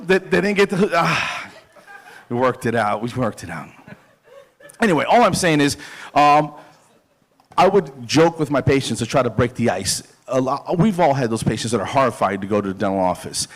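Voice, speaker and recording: A middle-aged man telling jokes in a stand-up set, poking fun at himself. His delivery is loose and halting, full of fillers, restarts and his own chuckles. His voice sits at an ordinary male pitch. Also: animated. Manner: self-deprecating, jokey, halting with fillers and laughs. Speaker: dental hygienist doing stand-up.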